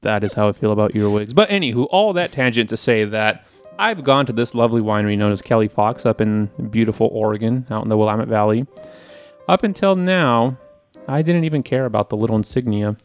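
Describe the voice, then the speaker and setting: A man co-hosting a casual podcast, telling stories in an animated, profane way and acting out his own quotes. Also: fairly low pitch, fairly quick, smooth, faint music behind. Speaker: podcast co-host, wine presenter. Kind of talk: casual chat.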